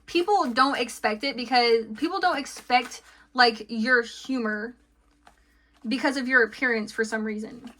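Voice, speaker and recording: A woman's voice: on the high side, measured pace, pushed and bright. A woman giving a casual tarot reading, chatty and giggly, full of fillers and friendly asides. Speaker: tarot card reader.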